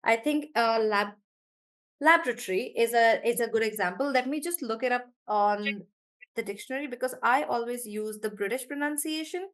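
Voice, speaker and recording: A woman's voice: on the high side, a bit bright. Woman teacher drilling syllable stress. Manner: slows down and stretches words to show syllable stress; chatty, names students as she answers them. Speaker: online English pronunciation teacher. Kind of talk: live online class.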